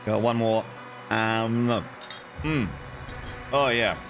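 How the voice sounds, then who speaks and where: A man's voice: on the low side, steady tone, drawn-out words, over music. A young man streaming games, greeting his chat in a playful, banter-filled way with casual swearing. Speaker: gaming streamer.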